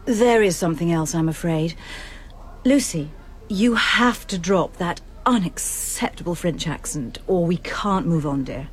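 An actress playing a patronising, soothing school counsellor. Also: female voice, on the low side, measured pace, close to an everyday voice.

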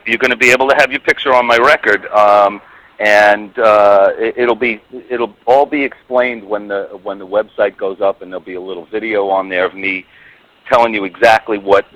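A man talking casually as a guest on a radio show, rambling with many halting restarts. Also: fairly low pitch, steady tone, fairly bright tone, dry recording, rough recording.

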